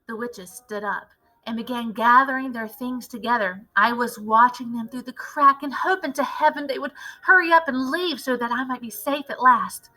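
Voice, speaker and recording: A teacher reading a children's novel aloud with expressive, animated narration. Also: female voice, fairly high pitch, moderate pace, faint music behind, poor audio. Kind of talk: storybook read-aloud narration.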